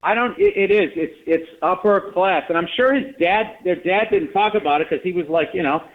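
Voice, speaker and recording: A middle-aged man with a Boston accent calls into a radio show as a guest comedian, his voice high and brisk over a tinny phone line. He chats casually in interview style, rambling through stories in a blunt, wry way.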